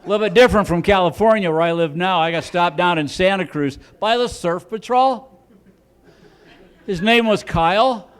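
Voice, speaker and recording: A comedian from Chicago performing a stand-up set on a club stage, acting out cops with loud siren noises and mock accents. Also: male voice, sits high, normal speed, smooth.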